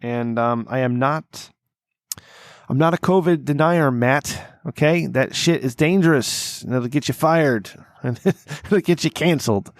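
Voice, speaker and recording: A man's voice: mid-range voice, a little slow, dry recording, clean studio sound. A man in his thirties hosting a rowdy drinking podcast, rambling and swearing freely between plugs. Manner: profane, rambling, loud and combative. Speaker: podcast host.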